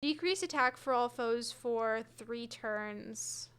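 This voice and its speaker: Slow and smooth, her voice is on the high side, a bit bright, with lively intonation. A young woman, she streams a game from her home room with her cat, chatting casually, hedging, and replying to viewers by name as she reads chat.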